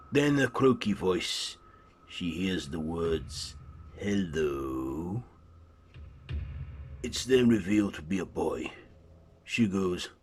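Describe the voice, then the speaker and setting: A man hosting a horror channel, retelling a film's plot in plain, steady storytelling. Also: sits low, slight background noise.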